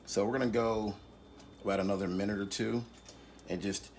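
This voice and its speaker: A man leading a live online cooking class, calmly explaining each step. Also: on the low side, brisk, slight background noise. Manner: calm step-by-step instruction.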